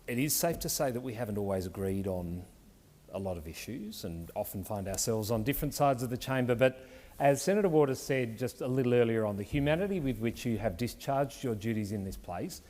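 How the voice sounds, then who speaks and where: An Australian senator from Tasmania giving a courteous, measured tribute speech in parliament. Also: male voice, medium pitch, lively intonation, darkish tone. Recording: reverberant parliamentary chamber.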